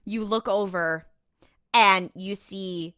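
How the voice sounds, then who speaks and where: A woman's voice: mid-range voice, slow pace, a bit bright, clean tone, dry recording. Chatty young woman, dry close sound. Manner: rambling, filler-heavy retelling with quoted voices. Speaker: podcast co-host. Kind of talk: casual recap chat.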